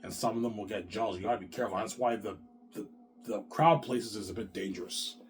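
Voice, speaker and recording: A man's voice: on the low side, quick pace, a little hiss or hum. A man talking straight to his viewers in a long, rambling, profane monologue, repeating himself and restarting his sentences. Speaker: vlogger.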